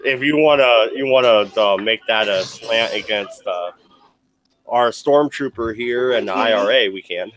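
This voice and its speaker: A man in casual chat who makes dark jokes in a deadpan, halting way. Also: on the low side. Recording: noisy stream audio.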